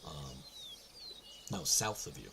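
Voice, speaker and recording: A man narrating a tabletop game as game master over a voice call, relaxed and halting, with many fillers. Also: rumbling low, vocal fry, background noise. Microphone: online voice call mic.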